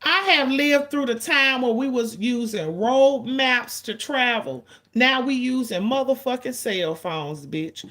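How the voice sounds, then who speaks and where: A woman in her forties hosting a livestream, venting to her chat in a blunt, profane, rapid-fire way and stretching out the lines she wants to stress. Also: on the high side, a bit bright. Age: 40s. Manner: drawn-out emphatic lines. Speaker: livestream host. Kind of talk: casual ranting to chat.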